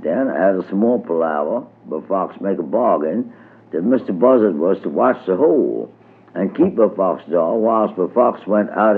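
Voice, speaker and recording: A man reading a storybook tale aloud in a lilting, measured way, on a tinny old radio recording. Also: low voice, breathy edge. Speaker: narrator.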